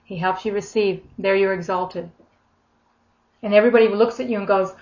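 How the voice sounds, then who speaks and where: A middle-aged woman giving an informal sermon, lively and expressive, acting out the voices she quotes. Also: mid-range voice, normal speed, long pauses. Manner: animated, acts out quoted voices with big swings in loudness. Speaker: preacher. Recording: dull lo-fi recording.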